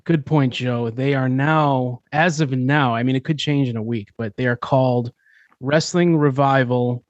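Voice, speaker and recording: A man co-hosts a comedy podcast, setting up the segment in a relaxed, rambling way. His voice sits mid-range. The sound is dry and close. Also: mid-range voice, measured pace, dry recording, dull audio. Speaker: podcast co-host. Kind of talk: casual podcast banter.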